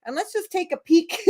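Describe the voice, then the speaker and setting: Bubbly giggly lady running a laughter yoga class, highish voice that bounces all over. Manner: gentle coaching, talking straight to the viewer. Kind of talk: guided laughter yoga session.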